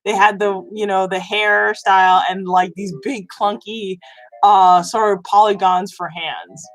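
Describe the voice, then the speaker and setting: A woman's voice: mid-range voice, steady tone, a little slow, faint music behind, rough recording. A woman chatting casually about video games on her vlog, rambling with many fillers and restarts. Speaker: gaming news vlogger. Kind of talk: casual chat.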